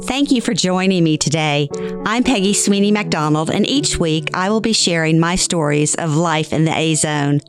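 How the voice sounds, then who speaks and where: A woman's voice: low-pitched, moderate pace, music in the background. A woman hosting a podcast, telling her own family stories in a frank, wry way. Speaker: podcast host and storyteller. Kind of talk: first-person storytelling.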